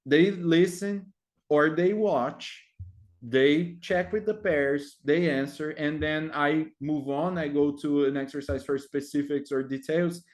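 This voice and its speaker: Speaking slowly in a voice that's a bit high, a man who trains English teachers walks through lesson activities. His delivery is halting and full of fillers, with "right?" tacked on again and again.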